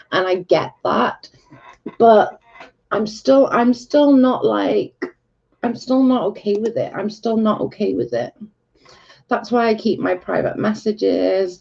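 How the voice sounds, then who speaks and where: A woman's voice: medium pitch, gravelly, darkish tone. A woman chatting casually on a livestream, answering viewer comments in a blunt, candid, sweary way. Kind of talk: casual chat. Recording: dull lo-fi recording.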